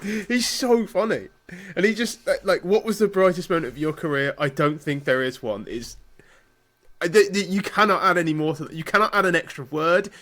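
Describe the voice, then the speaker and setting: A man's voice: fairly high pitch, a bit bright. A man co-hosting a podcast in casual banter, with dry, self-deprecating humor. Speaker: podcast co-host.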